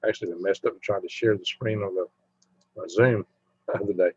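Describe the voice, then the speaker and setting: Husky man chatting on a live stream. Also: on the low side, steady tone, fairly quick, no room sound. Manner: rambling, chatty, hums to himself while browsing. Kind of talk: casual live stream chat with viewers. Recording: dull lo-fi mic sound.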